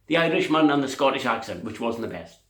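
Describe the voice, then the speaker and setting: A man's voice: mid-range voice, sing-song, quick pace, echoey room. A man telling a long rambling joke to camera, slipping in and out of put-on character voices. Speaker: comedian.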